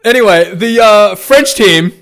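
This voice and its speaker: A man's voice: high-pitched, animated, unhurried, fairly bright tone. A man giving a casual, rambling recap of a rugby match as a fan reviewer, full of restarts and fillers. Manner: rambling, many restarts and fillers, laughs while retelling.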